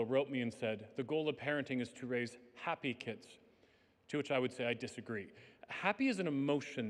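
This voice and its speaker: A man in his fifties giving a conversational conference talk, often saying "like" and acting out quotes. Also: a little high. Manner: conversational, peppered with "like", acts out quotes. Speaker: conference speaker. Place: conference hall. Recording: reverberant hall.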